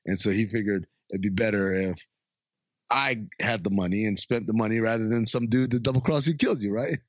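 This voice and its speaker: A man's voice: on the low side, fairly quick, no room sound. A man chats casually as he recaps a comedy film, bouncing into exaggerated voices for each character and breaking into laughs. The recording is dry and a little dull, with no room sound. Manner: animated, acts out lines in funny voices, laughs often. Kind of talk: casual chat recapping a movie.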